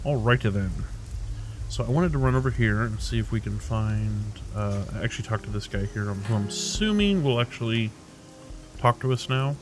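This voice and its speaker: A man hosting a Let's Play, chatting casually in a relaxed way while playing and reading the game text aloud. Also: lowish voice, moderate pace, music in the background. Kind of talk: casual gameplay commentary.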